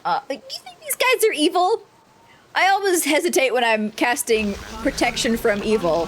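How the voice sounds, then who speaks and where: A woman streaming herself playing a video game, commenting casually and excitedly, joking and swearing freely. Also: high voice, moderate pace, a little hiss or hum.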